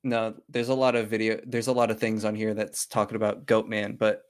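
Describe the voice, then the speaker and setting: Reading a horror tale on his podcast, this man swears freely and keeps breaking off to banter. He speaks fairly quickly in a fairly low monotone, with slight background noise.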